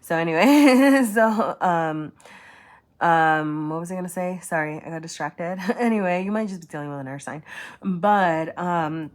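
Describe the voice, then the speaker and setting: A woman's voice: on the low side, measured pace. A woman doing a casual tarot reading, rambling with many fillers and often checking in with "right?" and "okay?". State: choked up at times. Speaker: tarot reader.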